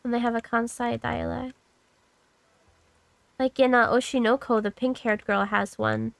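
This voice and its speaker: A woman's voice: fairly high pitch, level tone, measured pace, creaky, no room sound. A woman in her thirties streaming a game, rambling casually to herself and her chat and swearing freely. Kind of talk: casual gaming commentary.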